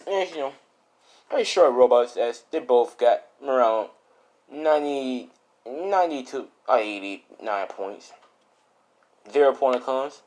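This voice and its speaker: A man's voice: medium pitch, expressive, measured pace, long pauses, darkish tone. Guy rambling thru a made-up fan story, lots of you-knows, voice goes all up and down. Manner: rambling, full of fillers. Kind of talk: improvised fan-story narration.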